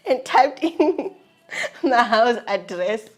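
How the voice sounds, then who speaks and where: A young woman with a South African accent, telling a personal story in an animated, laughing, slangy way. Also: high-pitched, takes it slowly. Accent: South African English. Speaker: vlogger. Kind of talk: storytelling about her marriage.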